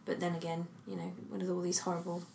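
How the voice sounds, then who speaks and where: A young English woman co-hosting a podcast, chatty and playful, quick to laugh. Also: lowish voice, completely flat delivery, gravelly, crowd noise. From England. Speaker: podcast co-host, singer. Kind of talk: casual chat.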